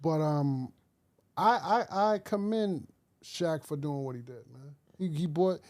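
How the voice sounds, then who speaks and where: A man's voice: a little high, slow, darkish tone. A man co-hosting a podcast in casual chat, emphatic, repeating phrases for effect. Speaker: podcast co-host.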